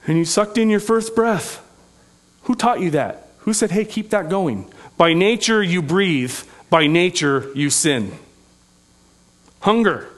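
A man with a fairly high voice delivers a sermon from the pulpit. He preaches earnestly but conversationally, slipping in folksy asides and light humor. He sounds middle-aged. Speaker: pastor.

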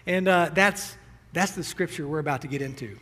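A man's voice: fairly high pitch, fairly quick, pushed and bright, long reverb tail. A young man preaching a sermon to his congregation, earnest and emotional, a little teary as he speaks directly to them. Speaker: pastor. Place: church sanctuary.

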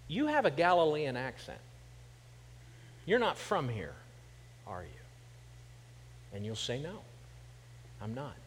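A middle-aged man from Kansas, a pastor, delivers a sermon in a high-pitched voice inside a large hall, the church sanctuary. He starts with funny, conversational stories and builds toward emphatic points.

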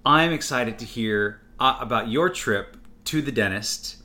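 A man's voice: medium pitch, a little slow, pushed and bright. A man hosting a podcast, chatting casually and prompting his co-host with questions. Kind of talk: casual chat.

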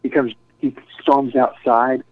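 A man's voice: medium pitch, level tone, takes it slowly, no echo. A man casually telling a rambling story full of swearing and acted-out quotes. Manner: profane, rambling, acts out quotes. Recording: tinny phone-like dry sound.

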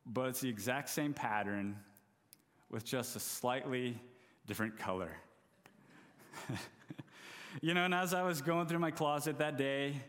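A male preacher in his thirties tells a humorous, self-deprecating story from his own family life. His mid-pitched voice rings out with a long hall reverb, as if he is speaking in a large hall. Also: a little slow, long pauses, fairly bright tone. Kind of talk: storytelling sermon.

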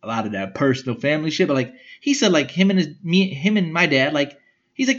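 A man's voice: on the high side, lively intonation, quick pace, muffled recording. A young man hosting a podcast, telling stories in a rambling, slangy way and swearing often. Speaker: podcast host. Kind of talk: casual storytelling monologue.

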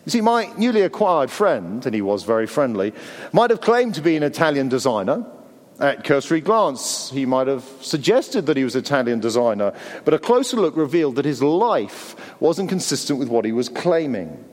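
English preacher with a lively voice. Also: male voice, mid-range voice, moderate pace, long reverb tail. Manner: conversational, wry asides. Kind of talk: sermon.

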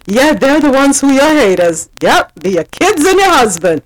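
A woman's voice: high voice, expressive, moderate pace, few pauses, background noise. A woman hosting a casual podcast, reading news and joking with blunt asides and frequent laughs. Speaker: podcast host. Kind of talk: casual chat and news recap.

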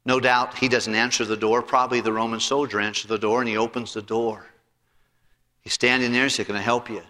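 Bright-voiced preacher. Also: male voice, mid-range voice, fairly quick. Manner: storytelling, animated, with restarts. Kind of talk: sermon. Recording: long hall reverb.

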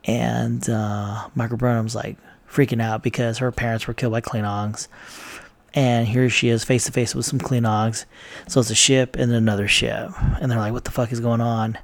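Guy with a gravelly voice rambling thru a tv recap, swears a lot, lots of ums. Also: medium pitch, flat delivery, normal speed. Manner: rambling, profane, lots of fillers. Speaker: TV recap vlogger. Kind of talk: casual spoken episode recap.

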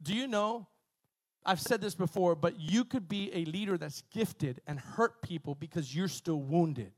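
A man preaching a sermon, retelling a story in a lively, conversational way, with many repetitions and asides to the congregation. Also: high voice, a little slow. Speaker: pastor.

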